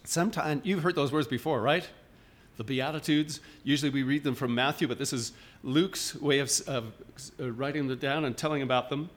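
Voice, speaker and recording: A man's voice: medium pitch, moderate pace. A man preaching a sermon in a church, informal and questioning, often restarting his sentences. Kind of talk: conversational sermon.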